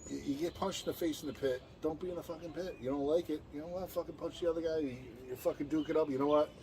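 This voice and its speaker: A man's voice: fairly high pitch, fast talker, a little hiss or hum. A man, a band member and guest, telling rowdy tour stories in casual chat, swearing often and acting out what others said. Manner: animated, profane, acts out quotes in other voices.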